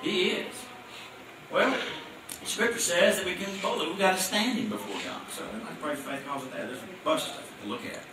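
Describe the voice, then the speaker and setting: A man delivers a sermon in a church, his high, piercing voice bouncing around a very echoey room. He stands back from the mic and presses his points with pointed questions and call-and-response, over a faint hum of noise. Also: animated, a little fast, recorded from a distance. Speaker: preacher.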